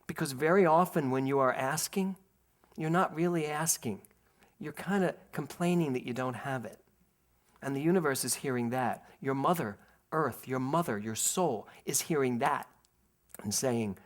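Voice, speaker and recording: Animated male minister telling a story. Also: medium pitch, normal speed. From Philadelphia. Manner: animated storyteller, laughs and acts out voices, speaks to the congregation. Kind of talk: sermon with personal storytelling. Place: spiritual center sanctuary.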